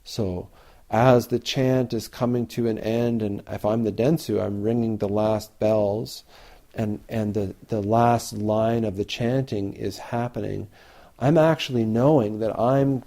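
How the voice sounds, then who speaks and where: A man's voice: on the low side, creaky, warm tone. A man giving a reflective dharma talk as a Zen teacher, repeating phrases and sometimes chanting lines aloud. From Canada.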